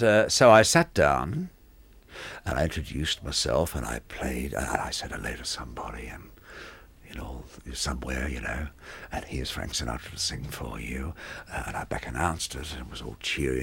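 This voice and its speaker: Deep-voiced Australian man telling lively anecdotes. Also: normal speed, creaky, husky. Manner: animated raconteur who acts out the people in his stories. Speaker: radio disc jockey telling his career story. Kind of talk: anecdotal storytelling in an interview.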